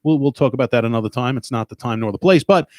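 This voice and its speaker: A man's voice: medium pitch, quick pace, a little mellow, no room sound, clean studio sound. A man with a Long Island accent and a stuffed-up nose, rambling and cursing in casual podcast chat. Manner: rambling, profane and joking. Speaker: podcast host.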